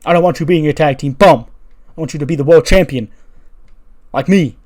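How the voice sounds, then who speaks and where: A man doing a shouting bossy old wrestler. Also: mid-range voice, animated, moderate pace, pitched above the performer's own voice, close to an everyday voice. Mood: loud bossy. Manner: shouting, pushy, barking orders. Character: loud, bossy older male wrestler uncle.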